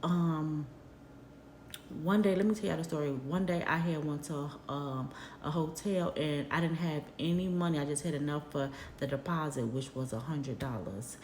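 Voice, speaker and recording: Woman vlogger, deep voice, heartfelt storytelling, echoey room. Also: normal speed, a little hiss or hum. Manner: animated, conversational, heartfelt. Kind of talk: casual storytelling to viewers.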